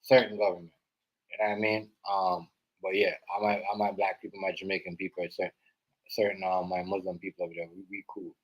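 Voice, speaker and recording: A man hosting a live stream, rambling through casual reaction commentary and swinging between loud outbursts and quiet asides. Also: deep voice, level tone, fast talker, slightly rough, lo-fi sound. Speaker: stream host. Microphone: live stream setup.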